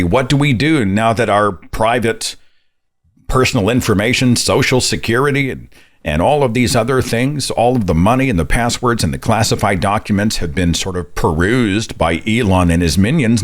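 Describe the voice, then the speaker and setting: Deep-voiced exasperated man hosting call-ins. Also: lively intonation, normal speed. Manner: exasperated, rambling, rising rhetorical questions. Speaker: podcast host. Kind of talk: call-in show monologue.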